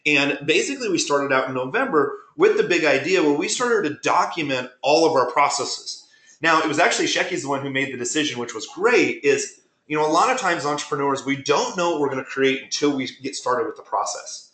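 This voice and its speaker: A man presenting a webinar, telling business stories in an animated way and acting out conversations he had. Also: a little high, fairly quick. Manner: animated, retells conversations with quoted dialogue. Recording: roomy echo.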